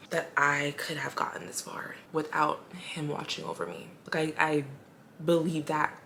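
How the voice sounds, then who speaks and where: A young woman telling her personal story in a vlog, emotional and halting, pausing often to steady herself. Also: low voice, gravelly, a little hiss or hum. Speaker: vlogger.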